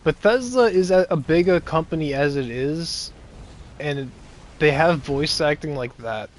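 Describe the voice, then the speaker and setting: A man's voice: fairly high pitch, a little slow, slight background noise. A young man giving casual, rambling gameplay commentary with sarcastic asides and chuckles. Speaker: gameplay streamer.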